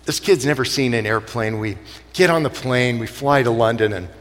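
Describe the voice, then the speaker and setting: A man telling comic stories on stage, animated and laughing often. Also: medium pitch, normal speed. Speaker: speaker. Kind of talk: comic storytelling talk. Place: stage in a large hall. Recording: long hall reverb.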